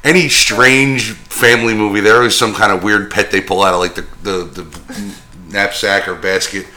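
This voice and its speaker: A man's voice: on the low side, steady tone, normal speed, sharp tone. A man, co-hosting a casual podcast and chipping in blunt, wisecracking remarks. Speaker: podcast co-host. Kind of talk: casual chat.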